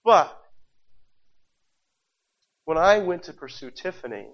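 A man's voice: fairly high pitch, animated, takes it slowly. A married man preaching a sermon with passion, repeating phrases and asking the congregation rhetorical questions. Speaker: pastor. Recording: dull lo-fi recording.

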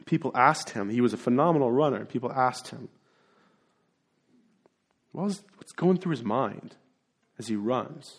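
A man preaching a sermon in an earnest way, dropping into quiet asides and then building to emphatic, rising points. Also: mid-range voice, lively intonation, moderate pace, gravelly, pauses often, slightly rough. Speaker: pastor.

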